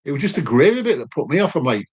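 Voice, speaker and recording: A man's voice: a little high, very animated, racing, husky. A man co-hosting a casual home live chat about food, chatting and reading out viewer comments. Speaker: cooking channel co-host.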